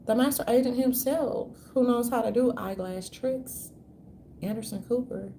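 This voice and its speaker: A woman's voice: a little high, measured pace, vocal fry, a little mellow, slight background noise. A woman vlogger ranting in a meandering, profane, slangy way. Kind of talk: rambling casual rant.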